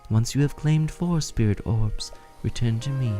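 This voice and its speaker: A man voicing a solemn ancient monk, speaking in a measured, formal way. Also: mid-range voice, music in the background, lightly acted.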